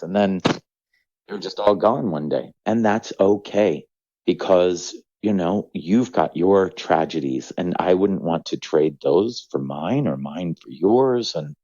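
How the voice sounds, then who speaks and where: Low-voiced middle-aged male comedian, candid and rambling, dry dull recording. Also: animated, moderate pace, mellow, no room sound. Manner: reflective, rambling, acts out quoted voices. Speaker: comedian guest. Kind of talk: candid podcast conversation.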